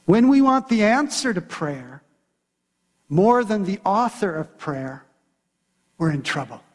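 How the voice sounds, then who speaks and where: A pastor with a notably high voice preaches from the pulpit, dramatically retelling a scripture story and slipping into the characters' lines. He speaks slowly with big pitch swings, and a long echo carries through the large church hall.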